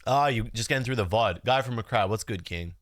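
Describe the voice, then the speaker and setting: A man streams with a stuffed-up, nasal voice, clearly sick. He rambles loosely and jokes with his chat in a lowish voice. The sound is dry and close. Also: a little fast, no echo. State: congested, sick. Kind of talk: casual livestream chat.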